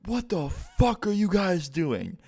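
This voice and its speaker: A man's voice: sits high, huge pitch swings, takes it slowly, vocal fry, darkish tone, slightly rough, voice pushed up, full character voice. A young man voicing an enraged middle-aged father who screams and curses at a group of teenagers. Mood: furious. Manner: screaming, cursing, threatening.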